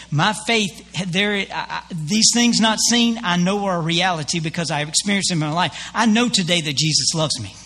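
A man's voice: high-pitched, pushed and bright. A man preaching a sermon as pastor, telling stories in a folksy way with many fillers and restarts.

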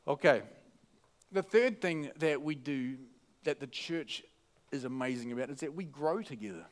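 A man's voice: on the high side, lively intonation, moderate pace. A man preaching a casual sermon at a church service into a microphone, chatty and joking, often restarting his sentences. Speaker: pastor.

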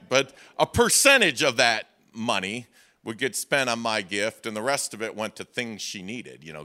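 A man's voice: fairly low pitch, bright, forceful tone. A middle-aged man, a pastor preaching a sermon with folksy humor and rhetorical questions to the congregation.

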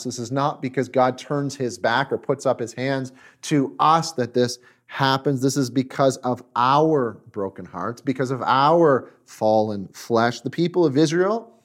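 A man preaching a sermon, emphatic and repetitive, swinging between loud and hushed emphasis. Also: medium pitch. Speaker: pastor.

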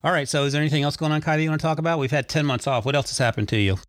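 A man's voice: a little high, rapid-fire. A man hosting a casual family podcast with his young sons, teasing them with dry humor.

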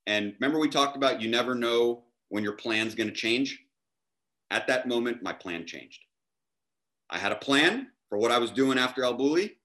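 Man, chef guest, bright tense voice, animated storyteller, casual chat. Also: medium pitch, normal speed. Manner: animated, acts out dialogue in his anecdotes.

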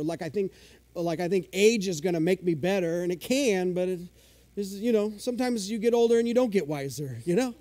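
A man's voice: high-pitched, expressive, quick pace, warm tone. A male pastor preaching a sermon in a conversational, self-deprecating way, eagerly unpacking the original Greek words of scripture.

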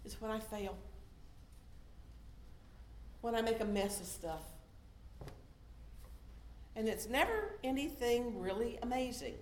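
A middle-aged woman preaches in a conversational tone, sometimes booming and sometimes dropping to a hush. Her voice rings around a roomy church, and faint room noise sits underneath. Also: lively intonation, slow, pauses often. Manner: conversational, shifting from loud emphasis to soft hushed tones. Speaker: lay preacher. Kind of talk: sermon.

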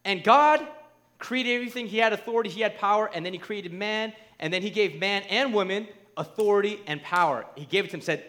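High-voiced man preaching with fervor. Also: a little fast. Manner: emphatic, rising to near shouts; conversational, asks the crowd "right?". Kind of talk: sermon.

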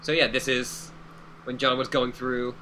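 Guy co-hosting, kinda hesitant, explains stuff, bright voice. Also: medium pitch, flat delivery, measured pace, slight background noise, poor audio. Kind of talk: casual chat about a read-through.

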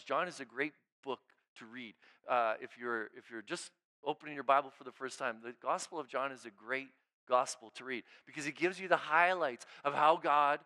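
A male pastor giving an informal, conversational sermon. He often checks in with his listeners by asking "right?", restarts his phrases, and moves from emphatic, raised lines to quiet, hushed ones. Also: mid-range voice. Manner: informal preaching, frequent "right?" check-ins and repeated restarts; swings between emphatic raised lines and hushed near-murmurs.

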